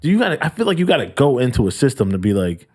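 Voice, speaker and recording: Husky-voiced man telling a profane story. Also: medium pitch, very fast. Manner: profane, animated, acts out quotes. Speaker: podcast co-host. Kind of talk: casual storytelling.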